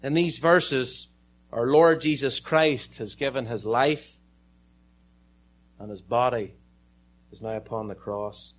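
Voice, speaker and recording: A man with an Irish accent preaching a sermon, telling a story with dramatic pauses and some joking asides. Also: mid-range voice. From Ireland.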